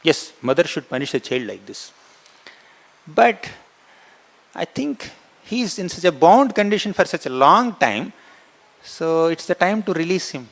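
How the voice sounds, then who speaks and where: A man's voice: a little high, big pitch swings, a little slow, creaky, long pauses, heavily acted. A man voicing a protective, boastful young divine cowherd, declaring proudly and then coaxing politely.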